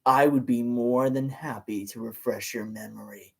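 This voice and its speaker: A man voicing a large, cruel male monster who talks in an unnervingly charismatic, smooth way. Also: medium pitch, fairly even intonation, normal speed, pitched below the performer's own voice. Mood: menacing. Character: smooth-talking cruel male Bergen monster, huge and sinister.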